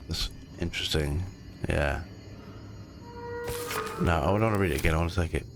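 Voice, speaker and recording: A man's voice: deep voice, normal speed, pauses often, over music. A man giving casual commentary over a video game, reading in-game books aloud and often stumbling and correcting himself. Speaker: gameplay commentator.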